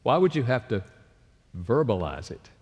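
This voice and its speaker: A man with a mid-pitched voice that swings widely as he lectures, dropping into other voices to act out the people in his stories. He speaks as an author and counselor. His voice rings with the long reverb of a large hall. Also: big pitch swings, normal speed, darkish tone, husky, lo-fi sound. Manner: acts out quoted people with changed voices. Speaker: author and counselor giving a talk. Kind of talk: lecture with storytelling.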